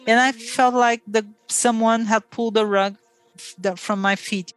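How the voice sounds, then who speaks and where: A woman's voice: fairly high pitch, steady tone, normal speed. Brazilian woman retelling her story. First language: Portuguese. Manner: emotional storytelling with quoted dialogue. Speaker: former player telling her story. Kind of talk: recounted personal story.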